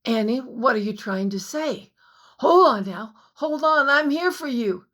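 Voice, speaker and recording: A woman voicing a desperate man shouting urgent pleas. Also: mid-range voice, measured pace, husky. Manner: loud urgent pleading shouts. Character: desperate young man clinging to a cliff.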